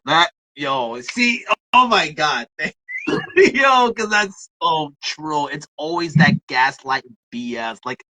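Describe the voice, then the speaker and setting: A woman's voice: sits low, takes it slowly, dry recording, low-quality recording. A woman guest on a podcast, talking casually and acting out the voices of people she quotes as she tells her stories. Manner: animated storyteller, acts out quoted voices. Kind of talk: casual conversation.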